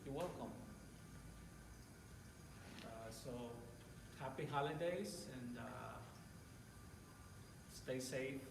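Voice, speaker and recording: A man who grows poinsettias answers interview questions haltingly, with many fillers and restarts. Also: medium pitch. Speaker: poinsettia grower. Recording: roomy, distant, noisy background.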